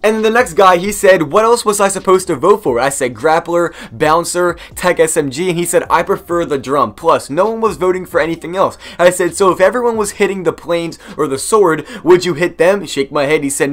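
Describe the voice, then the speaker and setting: A man hosting a gaming video, narrating in a casual, energetic way and talking straight to his viewers. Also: on the high side, brisk, few pauses. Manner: energetic, chatty, addresses viewers directly. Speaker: gaming YouTuber.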